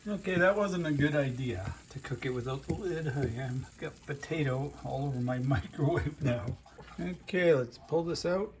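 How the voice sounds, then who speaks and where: A man's voice: mid-range voice, normal speed, a little hiss or hum. A man from North America giving a casual food review at home in his kitchen, blunt and openly disgusted.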